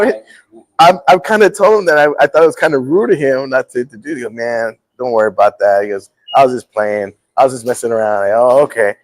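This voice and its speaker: The host of a casual talk show, a middle-aged man, speaks fast at a medium pitch as he tells a story. He is animated, acting out the quotes with laughs, and the recording is rough.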